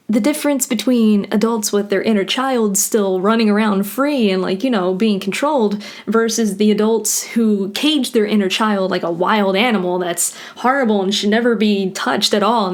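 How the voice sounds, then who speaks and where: A woman rambling passionately and profanely in a solo vlog monologue, now and then acting out other people's voices. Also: mid-range voice. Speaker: vlogger.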